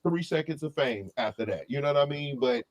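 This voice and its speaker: A man's voice: fairly high pitch, fairly quick, dull audio. Opinionated man in casual talk. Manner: animated, talks through restarts and asides. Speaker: co-host reviewing an album.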